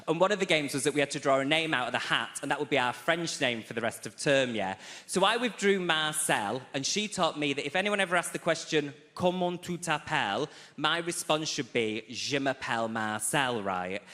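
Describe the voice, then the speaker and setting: Bright-voiced man from England, camp and chatty, teasing the crowd, echoey theatre. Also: fairly high pitch, animated, a little fast, hardly any pauses. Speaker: stand-up comedian. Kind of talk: stand-up routine. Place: large theatre stage.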